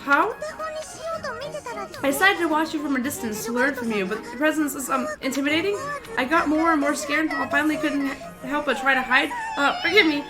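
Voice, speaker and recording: A woman's voice: high voice, brisk, music in the background, natural voice. A woman voicing a timid, panicky young recluse who stammers out apologies. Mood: frightened.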